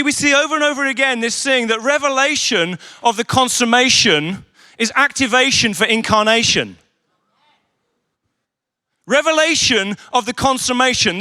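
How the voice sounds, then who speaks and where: A man's voice: very high-pitched, clean tone. A man preaching a sermon at a leaders' conference, telling stories with humour and acting out the voices of the people he quotes. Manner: animated storytelling with humour. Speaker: conference speaker. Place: conference venue.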